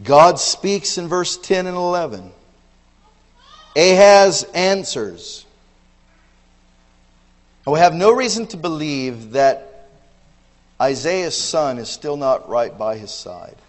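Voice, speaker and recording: A man preaching a sermon with emphatic outbursts and low asides, often repeating words as he restarts. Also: lively intonation, slow, pauses often. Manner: emphatic, swings between loud exclamations and low asides. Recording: long hall reverb.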